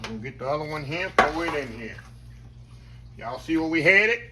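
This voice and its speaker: A man's voice: fairly high pitch, lively intonation, moderate pace, heavy background noise. A man hosting a casual home cooking demonstration in his kitchen, talking folksily to viewers as "y'all" and savoring the food aloud. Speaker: cooking channel host.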